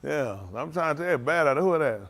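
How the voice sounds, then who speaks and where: Leading a congregation, a man with a fairly high, bright voice talks fast and expressively. He jokes and teases in a casual way, calling out livestream viewers by name to greet them.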